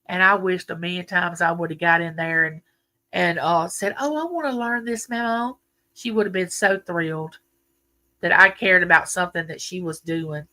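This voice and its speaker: A woman's voice: fairly low pitch, flat delivery, moderate pace, pushed and bright. An older woman, chatting folksily with viewers on her live stream and reminiscing as she goes. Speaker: livestream host. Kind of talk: casual live chat with viewers.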